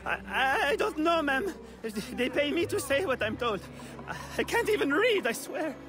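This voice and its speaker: A man's voice: very high voice, very animated, measured pace, music in the background, full character voice. An actor playing a nervous townsman in a game who stammers and pleads when he is confronted. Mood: frightened.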